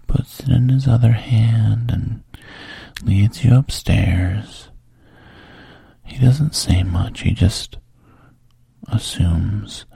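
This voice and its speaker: A man telling a whispered role-play story directly to the listener, his low voice gravelly and very breathy. He speaks slowly and darkly, close to a dry mic. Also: no echo. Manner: second-person storytelling, soft and intimate. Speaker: narrator.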